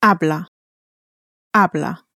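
A woman's voice: lowish voice, slow, sharp tone, no echo, studio quality. A woman in an audio language lesson, modeling each answer by saying it twice. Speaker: native speaker modeling answers.

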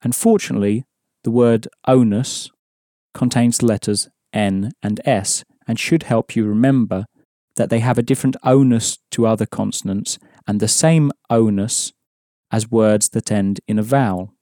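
Male language teacher, mellow, dry studio sound, patient and methodical. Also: lowish voice, fairly even intonation, no room sound. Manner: measured, explanatory, repeats key points. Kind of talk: scripted lesson narration.

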